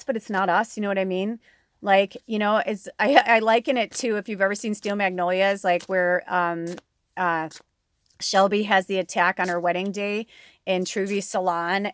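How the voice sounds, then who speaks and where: A chatty woman runs a tarot reading for her viewers, rambling and gushing as she goes, her pitch sitting in the middle of the range. Her voice is recorded close and dry, with no room sound around it. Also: no room sound. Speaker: tarot reader and medium.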